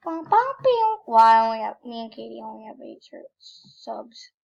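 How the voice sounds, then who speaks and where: Young female gameplay commentator, high voice, rambling and self-correcting, muffled lo-fi computer mic. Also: moderate pace, creaky, husky. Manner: rambling, self-correcting, sudden excited outbursts. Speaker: gaming YouTuber. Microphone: computer microphone with screen recorder.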